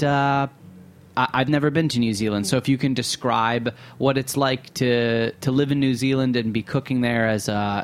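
A man hosting an interview, asking curious questions and often piling several into one turn. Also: mid-range voice. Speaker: interview host.

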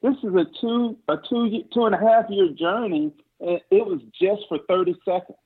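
A man in his forties, a podcast guest telling a hunting story over the phone, excited and stumbling over restarts. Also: moderate pace, husky. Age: 40s. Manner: excited, stammering restarts, voice climbing high when emotional. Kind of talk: casual storytelling. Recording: tinny phone line.

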